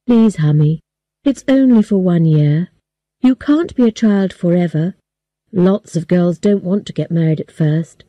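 A woman voicing a sad, resigned father gently explaining to his daughter. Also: fairly low pitch, a little slow, no room sound.

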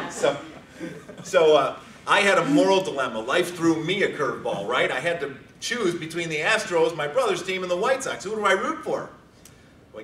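A man from Chicago giving an animated, joking competition speech to an audience in a large hall. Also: on the high side, noisy background. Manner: animated storytelling with jokes. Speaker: speech contest contestant. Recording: echoey hall from far off.

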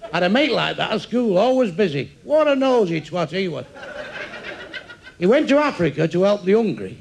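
A man with a Mancunian accent telling crude stand-up jokes in rapid-fire bursts, landing punchlines deadpan. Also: high voice, vocal fry. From England. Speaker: stand-up comedian.

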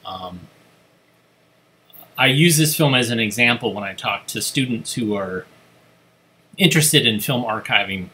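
Man with a bright, forceful voice. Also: mid-range voice, animated, a little slow, long pauses. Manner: chatty, many fillers and restarts. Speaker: host of a film club. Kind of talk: casual commentary.

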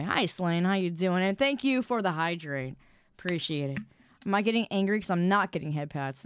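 Lively, expressive woman streamer. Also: mid-range voice, no echo. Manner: loud, expressive, quick to protest. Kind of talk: casual stream chat.

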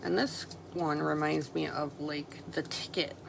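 Sitting at her craft table, a woman walks through a stamping project in a chatty, self-deprecating way, voicing her thoughts as she goes. Her voice is deep and gravelly with a steady tone and a slightly slow pace. Noise fills the background.

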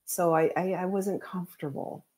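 A woman's voice: lowish voice, fairly even intonation, normal speed, dark tone. A woman, a psychic medium guest, chatting casually and telling stories with acted-out quotes. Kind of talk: casual storytelling chat.

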